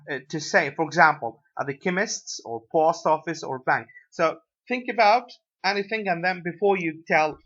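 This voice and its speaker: A male English lecturer with an Iraqi Arabic accent, explaining a lesson slowly and filling pauses with "uh" and "right?". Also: fairly high pitch, sharp tone. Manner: hesitant, many fillers, tag questions like "right?". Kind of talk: recorded lecture. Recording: dull lo-fi lecture recording.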